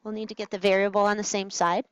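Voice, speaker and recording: A woman's voice: mid-range voice, level tone, fast, dull audio. A woman math teacher talking through practice problems at a smart board, chatty and playful with little asides to herself. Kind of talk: recorded test-prep walkthrough.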